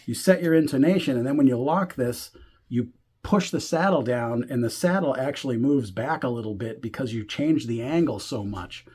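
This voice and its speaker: A man with a husky, mid-pitched voice talks through a guitar setup. He stays relaxed and easygoing, thinking aloud with small fillers as he works with his hands. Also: normal speed. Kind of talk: hands-on tutorial explanation.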